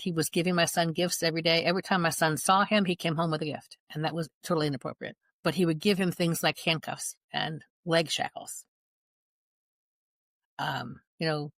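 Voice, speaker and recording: Middle-aged mother, guest. Earnest storyteller, lowish voice, dry close recording. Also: a bit bright, no room sound. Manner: earnest, reenacts dialogue in her retelling. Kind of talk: personal account in conversation.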